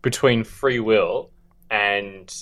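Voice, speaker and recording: A man co-hosting a book-discussion podcast, speaking in a measured, thoughtful and halting way. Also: lowish voice, fairly even intonation, a bit bright. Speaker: podcast co-host.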